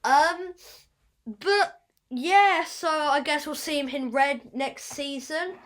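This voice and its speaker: A woman's voice: high voice, takes it slowly, a bit bright. A woman hosting a casual podcast, rambling and fumbling over her words with self-deprecating asides. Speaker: podcast host.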